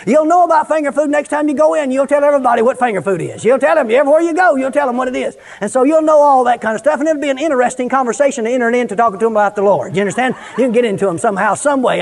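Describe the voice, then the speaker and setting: A man preaching, telling folksy stories in an excitable, humorous way and often shouting. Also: very high voice, vocal fry. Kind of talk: folksy sermon storytelling.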